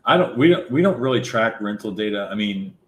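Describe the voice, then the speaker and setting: A man's voice: on the low side, expressive, a little fast. A man in a casual livestream chat, talking in a dry, teasing way.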